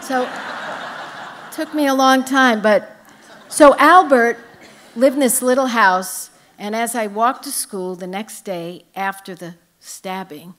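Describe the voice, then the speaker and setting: Older woman telling lively stage stories. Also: on the high side, takes it slowly. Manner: lively, humorous anecdotes. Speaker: author guest at a book festival. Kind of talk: storytelling on stage. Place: live event with an audience.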